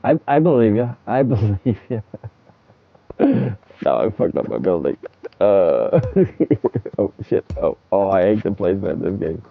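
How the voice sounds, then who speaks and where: A man with a low-pitched voice chats loosely to his stream audience, stumbling over words and circling back mid-sentence. The sound is dull and lo-fi, like a modest home streaming setup. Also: animated, unhurried, gravelly, pauses often, no echo. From from a country that uses military time. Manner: rambling, stammers and repeats words, laughs often. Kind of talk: casual livestream chat to viewers while gaming.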